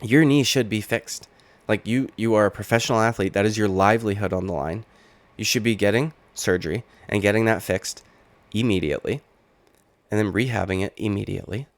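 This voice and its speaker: A man in his late twenties, an MMA YouTuber, gives casual, rambling reaction commentary on fighting news, swearing freely. His voice is fairly low and a little fast, with no room sound.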